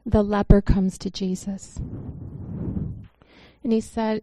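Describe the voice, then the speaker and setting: A woman's voice: mid-range voice, steady tone, unhurried, dark tone, slight background noise. A woman giving an informal sermon, talking in an earnest, conversational way and telling a story to the congregation. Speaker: church speaker.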